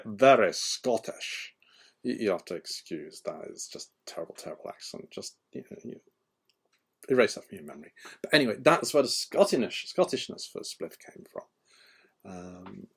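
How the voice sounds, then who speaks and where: Rambling man, low voice. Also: vocal fry, breathy edge. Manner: rambling, with frequent ums and restarts. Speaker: author. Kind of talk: casual chat.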